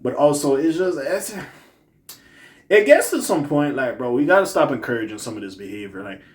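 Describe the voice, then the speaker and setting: A man hosting a commentary channel, giving blunt, profane opinions in a casual rant that swings between muttering and loud outbursts. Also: medium pitch, moderate pace. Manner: blunt, profane, animated ranting with swings in loudness.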